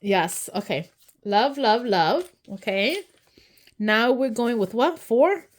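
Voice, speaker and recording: A woman hosting an unboxing video, gushing and excited, sometimes dropping to a soft whisper as she opens items. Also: on the high side, takes it slowly. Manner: gushing, excitable, often says "so stinking cute". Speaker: unboxing channel host. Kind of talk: casual unboxing narration.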